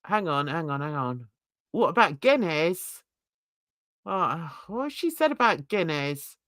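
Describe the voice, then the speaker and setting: An older woman from England hosting a casual livestream chat, laughing a lot and jumping into excited high squeals. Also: slow pace, dry recording, clean studio sound. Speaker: host. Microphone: video call.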